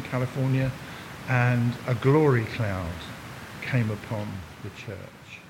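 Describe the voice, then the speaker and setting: Older man preaching in a reverberant hall. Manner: chatty and jokey, talks to the congregation. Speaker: visiting preacher. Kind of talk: informal church talk. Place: church hall. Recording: long hall reverb, faint rumble.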